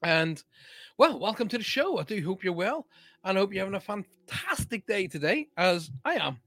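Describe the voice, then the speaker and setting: A man's voice: high voice, big pitch swings, moderate pace, a bit bright, dry recording. A man hosting a live chat show as a psychic medium, chatty and upbeat, greeting viewers by name as he talks. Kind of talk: casual live-stream chat.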